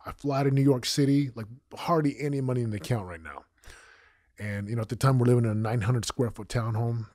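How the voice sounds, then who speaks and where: Fast and medium-pitched, the former football champion, now in his forties, gives a candid interview full of lively storytelling and acted-out quotes. The studio sound is clean, with no room noise.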